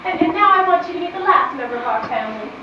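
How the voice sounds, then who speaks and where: Stage play: actress as a gushing mother, high-voiced, distant recording with hiss. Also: lively intonation, rapid-fire, echoey room, lo-fi sound. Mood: sweet. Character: sweet, fussing widowed mother and fiancée.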